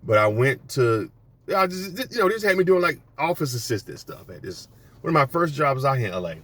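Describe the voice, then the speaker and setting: A man's voice: mid-range voice, big pitch swings, brisk, a bit bright, no echo. A man telling stories in a casual monologue, blunt and profane, rambling with many restarts.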